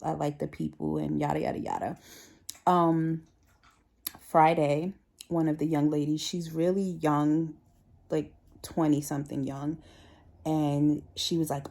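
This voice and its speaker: Chatty woman vlogger with a mellow voice. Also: low-pitched, measured pace, vocal fry. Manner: chatty, animated quoting of coworkers. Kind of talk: casual storytelling vlog.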